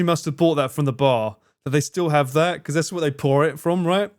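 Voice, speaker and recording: A man's voice: a little high, a little fast, few pauses, a little mellow. A man streaming live, chatting casually with his viewers, swearing freely, laughing and bantering.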